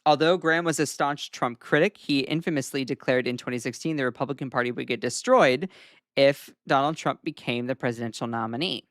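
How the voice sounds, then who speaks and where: A man's voice: medium pitch, a little fast, a bit bright, dry recording, studio quality. A man with a Southern US accent hosting a casual livestream news commentary, talking in a loose way full of "um" fillers and wry asides. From Southern United States. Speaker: host.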